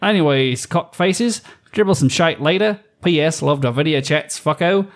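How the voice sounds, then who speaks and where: A man reading a listener's message in a put-on Australian accent, voicing a crude, rowdy, boozy Australian bloke with a slow drawl and crude slang. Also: on the high side, voice pushed up, close to an everyday voice.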